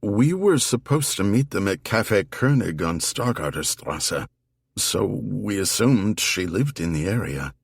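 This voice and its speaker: A man voicing a dry, quick-witted female army investigator in an audiobook, with a wry, matter-of-fact delivery. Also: on the low side, sing-song, creaky, slightly rough, no echo, full character voice. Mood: earnest.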